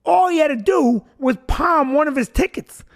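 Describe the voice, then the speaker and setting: A man voicing an indignant, suspicious club patron who shouts accusations in a raised voice. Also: expressive, racing, gravelly, exaggerated voice. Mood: outraged. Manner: shouting outrage, pitched up.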